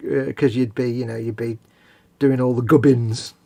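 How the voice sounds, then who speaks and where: A man's voice: mid-range voice, level tone, moderate pace, creaky, dark tone, no room sound. A man co-hosting a hobby live stream, chatting casually and rambling, often trailing off mid-thought. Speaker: co-host of a model-building live stream. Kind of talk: casual chat.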